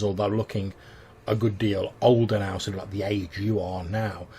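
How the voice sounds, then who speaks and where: A man with a fairly low voice runs a tabletop game, narrating dream scenes in a descriptive, stop-start way. A faint hiss sits under the recording. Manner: descriptive, with frequent restarts. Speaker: game master.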